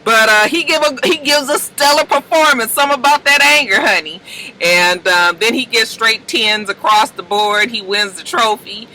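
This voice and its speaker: A man recapping a TV episode in a chatty, animated way. He acts out the characters' lines and calls his viewers "honey.". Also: extremely high pitch, normal speed, poor audio. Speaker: TV episode reviewer. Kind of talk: casual TV recap.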